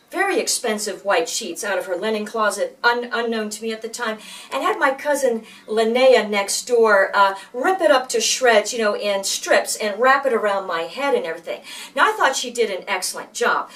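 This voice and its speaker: A woman's voice: a little high, lively intonation, moderate pace, fairly bright tone. A woman in her sixties telling a personal story casually, with many fillers and restarts. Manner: rambling, many fillers and restarts, acts out quoted voices. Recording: voice from far off the mic.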